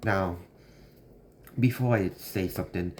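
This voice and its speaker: A young man with a very low voice tells a story in a loose, rambling way, packing it with fillers. It sounds like a casual vlog monologue, with faint noise in the background. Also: measured pace. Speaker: vlogger.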